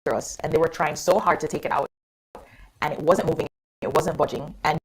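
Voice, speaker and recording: A young woman guest on a radio talk show, telling her story in a lively, casual way with frequent laughs. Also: low voice, fairly quick, breathy edge. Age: young adult.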